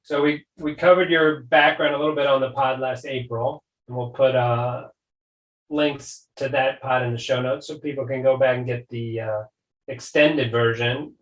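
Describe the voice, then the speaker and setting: A male podcast host chats in a friendly way and fires off quick follow-up questions. His voice carries a roomy echo, and he sits some way back from the mic. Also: mid-range voice, fairly even intonation. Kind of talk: casual interview talk. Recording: echoey room, distant mic.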